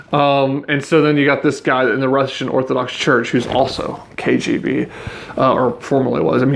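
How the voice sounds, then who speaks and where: Gravelly male podcast host. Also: medium pitch. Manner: conversational, restarts and fillers, speaks to listeners as guys. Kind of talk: casual news commentary and reading articles aloud.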